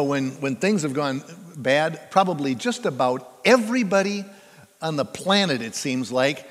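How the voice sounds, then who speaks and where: An older man preaches a sermon in a slow, unhurried way, his voice sitting a bit high for a man. He stumbles over and repeats words, then presses hard on the ones he wants to stress. Long reverb trails after him through the church. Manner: halting, repeats words, building to emphatic stresses. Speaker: pastor. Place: church sanctuary.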